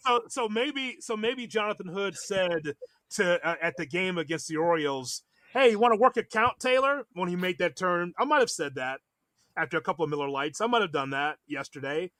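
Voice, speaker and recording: A co-host rants excitably about his team, his somewhat high voice leaping up as he gets going. The sound is dry and close to the mic. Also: moderate pace, no room sound. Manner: excitable ranting, voice jumping up. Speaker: podcast co-host. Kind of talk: casual sports chat.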